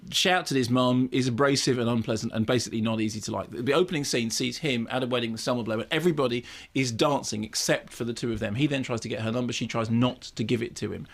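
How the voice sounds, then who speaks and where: A man talks through a film review with dry, wry emphasis. His voice sits at an ordinary middle pitch, and he often stops and restarts his sentences. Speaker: film critic. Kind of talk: radio film review chat.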